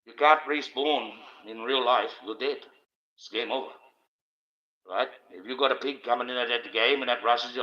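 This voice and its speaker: A man's voice: mid-range voice, moderate pace, bright, forceful tone. Swearing, ranting man on a livestream. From Australia. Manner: coarse, swearing, repetitive ranting. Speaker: livestream host. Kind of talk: profane rambling monologue. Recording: dull lo-fi stream audio.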